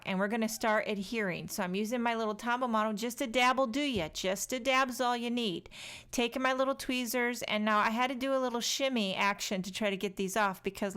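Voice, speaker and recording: A woman's voice: medium pitch, a bit bright, clear, resonant tone. A woman in her thirties chatting through a craft tutorial voice-over, joking and talking straight to viewers. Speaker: card-making crafter.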